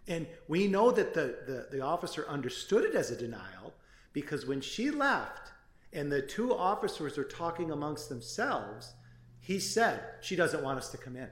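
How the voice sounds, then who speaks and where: A man's voice: fairly high pitch, very animated, moderate pace. A man arguing an appeal as an attorney, earnest and emphatic, often restarting his sentences. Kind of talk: appellate oral argument. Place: courtroom. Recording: echoey courtroom.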